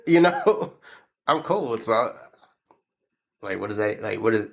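A man's voice: fairly low pitch, a little slow, creaky, pauses often, fairly bright tone. A man talking casually with his partner, full of fillers and frequent laughter. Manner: laughs often, lots of "like" fillers. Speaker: husband co-host. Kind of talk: casual couple chat.

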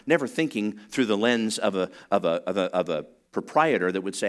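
A middle-aged man preaching a sermon, telling stories with frequent restarts and building to excited, louder passages. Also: lowish voice, brisk, hardly any pauses. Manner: storytelling with rising excitement, many restarts. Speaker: pastor.

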